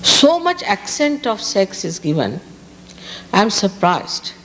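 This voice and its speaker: A woman's voice: mid-range voice, sing-song, slow pace. Indian woman giving an emphatic spiritual talk. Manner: emphatic, repeats key words for stress. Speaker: spiritual teacher. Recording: reverberant hall, faint background hiss.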